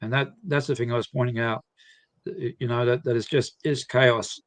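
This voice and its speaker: A man speaking as a guest at a live seminar, explaining in halting phrases with frequent restarts. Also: medium pitch, steady tone, fairly bright tone, no room sound. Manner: halting, many restarts and repeated words.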